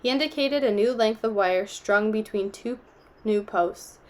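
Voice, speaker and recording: A woman reading a novel aloud, telling the story steadily and giving the characters gentle voices. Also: medium pitch, measured pace. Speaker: audiobook reader.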